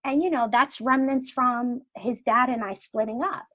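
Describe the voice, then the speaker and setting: A woman's voice: on the high side, normal speed, no echo, poor audio. A middle-aged woman, a podcast guest, telling a personal story in casual conversation and acting out the dialogue she quotes. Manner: animated, acts out quoted dialogue.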